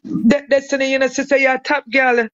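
A man's voice: very high voice, little pitch movement, a little fast, a bit bright. Man pleading on a livestream call, repeats himself, muffled lo-fi line. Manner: repetitive, coaxing, stammering. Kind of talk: pleading casual chat. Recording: dull lo-fi dry call audio.

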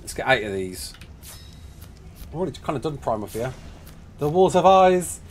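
A man's voice: medium pitch, sing-song, moderate pace, a little hiss or hum. A young man with an English West Midlands accent, chatting casually on a live game stream. He laughs often and answers chat questions.

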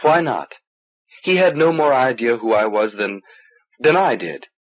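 A man voicing a calm, gentle young exiled lord who speaks in a measured way, on an old cassette recording. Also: medium pitch, dull audio.

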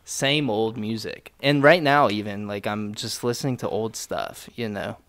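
A young podcast host chats casually and jokingly, swearing freely and using lots of fillers. His voice is lowish and a bit bright, his pace moderate, with no echo.

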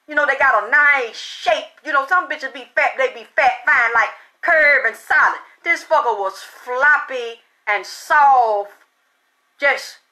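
High bright-voiced woman telling a crude story. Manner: blunt, crude and heated, breaking into shouted outbursts. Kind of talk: profane storytelling.

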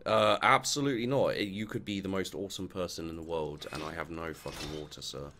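A man's voice: low voice, steady tone, brisk, pushed and bright, slight background noise. A man giving casual let's play commentary, muttering to his game characters and swearing freely as he goes.

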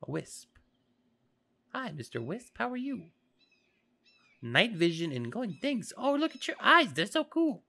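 A gaming video host giving excitable play-by-play commentary, chatting to the game's creatures and swinging between whispers and shouts. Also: mid-range voice, a little slow, creaky, long pauses. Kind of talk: gameplay commentary.

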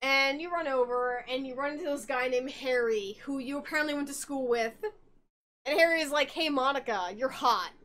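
A woman's voice: high voice, a little fast, a bit bright, a little hiss or hum. A tipsy woman hosting a podcast, rambling through a game's story in casual chat, giggling and swearing as she goes. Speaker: podcast host.

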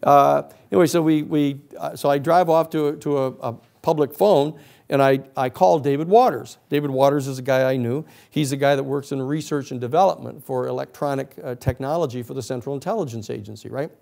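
A man giving a class lecture as an animated storyteller, acting out the other people's lines in his anecdotes. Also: medium pitch, brisk, gravelly.

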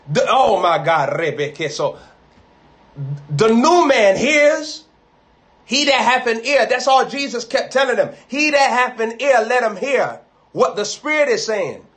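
Preaching live, this man stacks repeated phrases into building lists, his emphatic delivery climbing to loud, high peaks on the key words.

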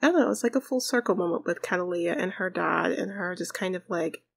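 A woman's voice: on the low side, brisk, gravelly, husky. Chatty giggly woman narrating a game. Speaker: gaming YouTuber.

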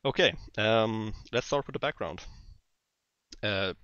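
A man's voice: lowish voice, a little slow, a crowd in the background. A man with a Swedish accent, chatting casually with hesitant fillers and easy laughter. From Sweden. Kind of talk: casual chat. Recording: dull, lo-fi, dry sound.

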